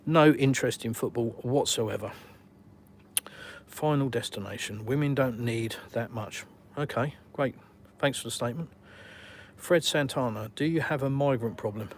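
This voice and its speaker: A man's voice: mid-range voice, normal speed, slight background noise. An Englishman live-streaming from his phone while walking around outdoors, reading viewer comments in a blunt, outspoken way and swearing casually. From England.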